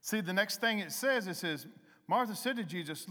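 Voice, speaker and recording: Guy preaching slow in a big echoey church, kinda high voice, talky style. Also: expressive. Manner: conversational preaching, emphatic rises, soft slow sung hymn. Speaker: lay preacher. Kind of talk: sermon. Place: church hall.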